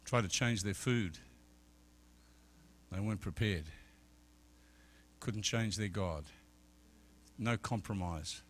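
A middle-aged man preaching a sermon as an evangelist, telling stories and swinging from quiet talk to loud shouted peaks. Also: lowish voice, slow pace, pauses often. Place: church service.

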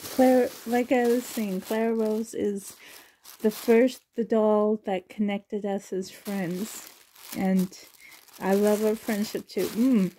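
A woman's voice: medium pitch, warm tone, a little hiss or hum. A woman doll collector in a casual unboxing vlog, gushing and emotional, often laughing and sighing, talking on the floor at home.

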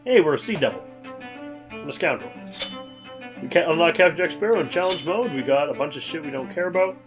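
A man's voice: fairly high pitch, lively intonation, brisk. A young man making wry, sarcastic jokes as he co-hosts a let's play in casual gaming commentary. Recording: game music playing underneath.

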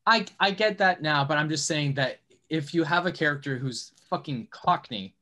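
A man hosting a podcast in casual chat, loud and argumentative, swearing freely and mocking himself. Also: fairly high pitch, normal speed. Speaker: podcast host.

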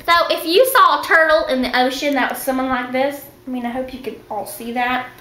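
A woman's voice: high voice, steady tone, brisk, bright, forceful tone, roomy sound. A girl chatting in a rambling, playful, dramatic way in a casual home video. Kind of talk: silly casual chat.

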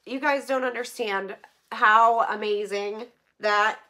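A woman, chatting on her vlog in a bright, slightly high voice. She talks in loose, filler-heavy sentences and keeps going close to tears, laughing through it. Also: steady tone, slow. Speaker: vlogger opening donations. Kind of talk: casual vlog chat.

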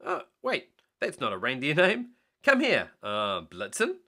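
Dad doing a peppy boy pup voice, high and lively, storybook style. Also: unhurried, heavily acted. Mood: eager. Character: eager upbeat young male rescue pup.

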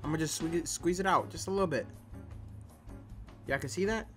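A man's voice: fairly high pitch, brisk, a bit bright, soft background music. A young man reviewing food on his home vlog, casual and slangy, with big exaggerated reactions, recorded on a camera at home. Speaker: food-tasting vlogger. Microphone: camera or phone.

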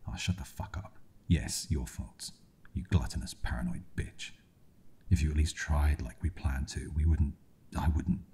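A man's voice: very deep voice, fairly even intonation, a little slow, gravelly, mellow, slight background noise, full character voice. A man voicing David, a bitter cruel young man, whispered role-play. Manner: harsh, cutting, swearing.

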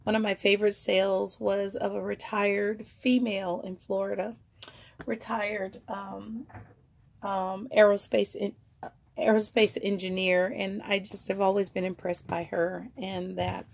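A woman's voice: medium pitch, steady tone, a little slow, creaky, a little mellow. A woman selling vintage finds online, showing items in a casual, rambling, chatty way full of fillers. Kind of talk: casual show-and-tell.

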